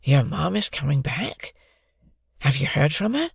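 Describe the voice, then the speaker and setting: A narrator voicing a quiet young boy in a children's audiobook, answering plainly. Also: mid-range voice, sing-song, unhurried, gravelly, breathy edge, dry recording, heavily acted. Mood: calm. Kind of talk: audiobook character voice.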